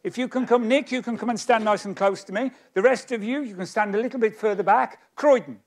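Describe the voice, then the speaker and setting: A man's voice: high voice, fairly quick. A man performing live stage magic, chatting with volunteers in a self-mocking, joking way. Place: stage of a magic society hall.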